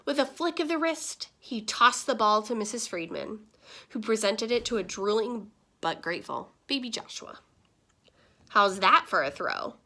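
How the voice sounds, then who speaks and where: With a fairly high voice at a moderate pace, a woman reads a children's picture book aloud, telling the story in an expressive, animated way.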